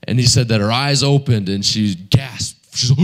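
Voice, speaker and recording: A man's voice: mid-range voice, measured pace. A man preaching a sermon in a conversational storytelling manner. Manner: conversational storytelling with many fillers.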